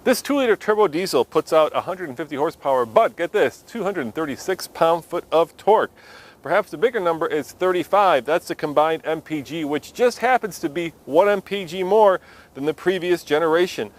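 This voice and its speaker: A man's voice: a little high, animated, a little fast. A man hosting a casual car review from inside a car, talking in an upbeat, joking way. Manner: jokey, upbeat. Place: inside a car on city streets.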